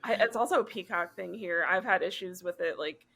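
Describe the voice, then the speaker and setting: Fast-talking giggly woman. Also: on the low side, vocal fry, fairly bright tone, husky. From United States. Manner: quick and giggly, reacting with laughs. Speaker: podcast guest panelist. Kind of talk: casual chat.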